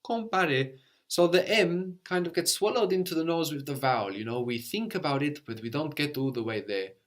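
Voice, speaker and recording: A man teaching a language lesson, explaining patiently step by step and often checking with a quick "no?". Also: fairly high pitch, animated.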